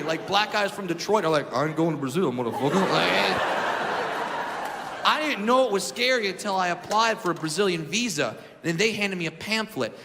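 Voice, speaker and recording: A man doing a stand-up comedy set, shouting punchlines and acting out the characters in his stories. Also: high-pitched. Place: comedy stage before a live audience. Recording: live hall with crowd laughter and noise.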